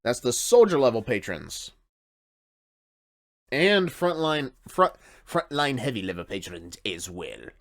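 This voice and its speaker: A man's voice: mid-range voice, very animated, a little slow. A man hosting a reaction video, rambling casually in late-night commentary. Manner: rambling, chuckling, tired late-night talk.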